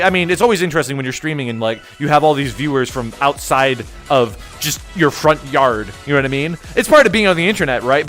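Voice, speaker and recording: A man's voice: on the high side, fairly bright tone. A young man chatting casually on a live stream, rambling and jokey as he reads chat aloud.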